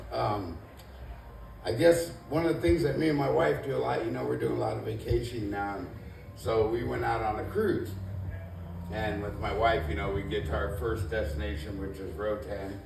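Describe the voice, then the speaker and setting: Here a man with a gravelly, mid-range voice works through his first-ever stand-up set at a comedy club. He keeps it laid-back and rambling, putting himself down and leaning on "you know" constantly. Noise and echo fill the club room, and the mic sits far from him.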